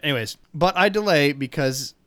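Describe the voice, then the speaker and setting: A man's voice: fairly high pitch, animated, normal speed, fairly bright tone, dry recording. A man hosting a podcast who tells a funny story in a casual way, chuckling as he goes. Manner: chuckles through his lines. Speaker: podcast host reading stories.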